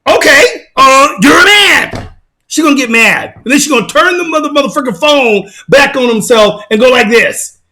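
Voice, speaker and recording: A man giving a mocking, emphatic rant as reaction commentary on his channel, often bursting into shouts. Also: very high voice, expressive, fairly quick. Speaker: channel host.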